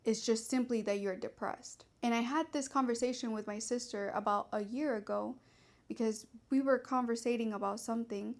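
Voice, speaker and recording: A woman's voice: fairly high pitch, steady tone, moderate pace. A young woman talking candidly and at length to camera in a confessional vlog, rambling and swearing freely. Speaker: vlogger. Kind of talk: personal confessional talk.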